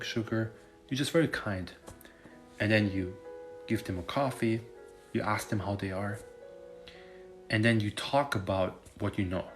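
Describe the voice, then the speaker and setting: Low-voiced guy, casual rambling vlog monologue, profane and filler-heavy, faint music underneath. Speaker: finance content creator.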